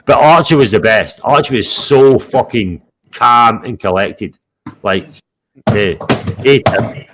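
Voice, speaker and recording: A man hosting a casual live stream, blunt and animated, swearing constantly while telling stories. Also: mid-range voice, a little slow. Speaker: show host.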